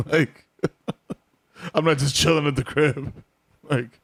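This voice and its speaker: A man co-hosting a comedy podcast from home, excitable and full of slang. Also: on the high side, no room sound. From the Bronx, New York. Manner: excitable, slangy, quick to laugh along. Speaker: podcast co-host. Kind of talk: casual comedic banter.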